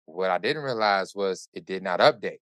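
A man hosting a podcast, telling a story in casual chat with animated, profane, run-on delivery. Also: sits low, normal speed, no room sound. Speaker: podcast host.

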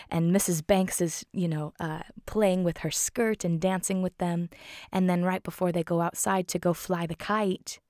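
A woman's voice: lowish voice, gravelly, darkish tone, no echo, studio quality. A woman casually recapping a film, chatty and heartfelt, with lots of filler words.

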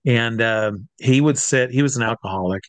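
A man's voice: medium pitch, moderate pace, no room sound. A man who works as a drag comedy entertainer, telling backstage stories in a casual, chatty way, with many fillers and restarts. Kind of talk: casual anecdotal storytelling.

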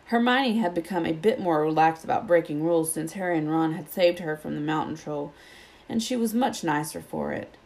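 A woman reading a children's novel aloud in a steady, even storytelling manner. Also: low voice, a little fast, gravelly. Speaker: audiobook reader.

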